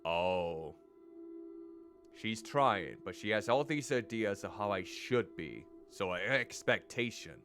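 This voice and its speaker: A man's voice: low-pitched, expressive, slow pace, over music. A male streamer reading game text aloud and commenting, stumbling over pronunciations.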